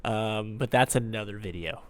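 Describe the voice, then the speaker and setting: A man's voice: on the low side, normal speed. A man hosting a reaction video, musing aloud with rambling commentary and frequent ums.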